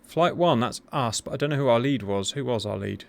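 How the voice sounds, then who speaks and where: A man's voice: mid-range voice, animated, fairly quick, vocal fry, dry recording. A man hosting a flight sim debrief, joking and exclaiming playfully between updates. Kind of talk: animated gaming commentary.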